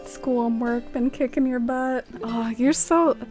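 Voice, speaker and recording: A woman's voice: high-pitched, steady tone, unhurried, a little mellow, soft background music. A woman streaming a game, chatting casually, greeting viewers by name and using lots of "like". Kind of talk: casual live-stream chat.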